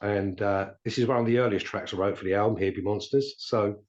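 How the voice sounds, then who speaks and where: Low-voiced English musician on a lo-fi line. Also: male voice, fairly even intonation, a little fast, darkish tone. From England. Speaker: musician guest. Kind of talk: podcast interview.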